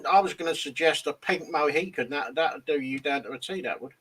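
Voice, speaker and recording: A man co-hosting a live show, chipping in with quick jokes. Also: fairly high pitch, fairly bright tone, slight background noise. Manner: quick jokey quips. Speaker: co-host. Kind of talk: casual chat.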